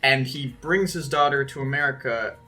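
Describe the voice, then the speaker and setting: A man's voice: medium pitch, normal speed, bright, forceful tone, faint music behind. A man at a tabletop game, chatting and telling a story to his friends. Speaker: player. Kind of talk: casual chat at a tabletop game.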